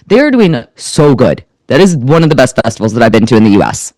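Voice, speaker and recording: A woman's voice: very deep voice, very animated, fairly quick, darkish tone, no room sound. A woman guest in a casual metal chat, talking with enthusiasm and emphasis.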